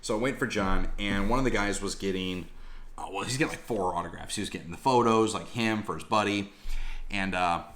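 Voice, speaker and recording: Slangy, animated man telling stories. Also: on the low side, fairly quick. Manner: animated, slangy, swears freely. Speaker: collectibles vlogger. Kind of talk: casual storytelling vlog.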